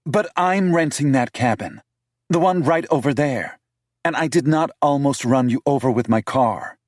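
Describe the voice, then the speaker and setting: A man's voice: medium pitch, moderate pace, dry recording, clean studio sound, voice pushed up, lightly acted. Man voicing a huffy young city woman. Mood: defiant. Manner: sharp, defensive retorts. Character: prickly young city businesswoman, indignant and stubborn.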